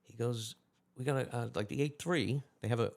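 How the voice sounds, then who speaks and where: Here a retired lieutenant sits for an easygoing interview, his medium-pitched voice rough and gravelly. Story after story comes out quickly and animatedly, complete with rapid impressions of what others said.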